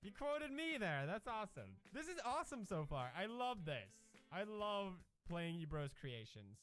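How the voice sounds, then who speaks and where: Lively high-voiced young man gaming. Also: normal speed, soft background music. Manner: loud, jokey, swears often. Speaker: gamer. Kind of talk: energetic let's-play commentary.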